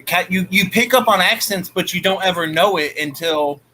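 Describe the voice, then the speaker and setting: A man's voice: high voice, normal speed, sharp tone, slight background noise, low-quality recording. A man from Ohio with a Southern US accent, chatting bluntly and swearing casually as a co-host. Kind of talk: casual chat on a livestream.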